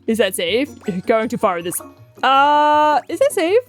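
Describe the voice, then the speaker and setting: Excitable woman commenting on a video game. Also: high-pitched, unhurried, soft background music. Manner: excitable, swearing, laughing, mock-imitating. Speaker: gaming streamer. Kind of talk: casual let's play commentary.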